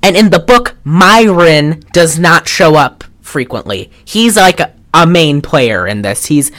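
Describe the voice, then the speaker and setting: Her voice is low-pitched and a bit bright, with lively intonation and an unhurried delivery. She's a co-host on a laid-back film podcast, wandering through her points with plenty of restarts and free profanity.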